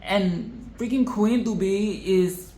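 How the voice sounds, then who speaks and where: In an echoey room with faint background noise, a vlogger rants about a film in casual commentary. His medium-pitched, dark-toned voice moves slowly as he swears, sounds exasperated, and repeats phrases for emphasis.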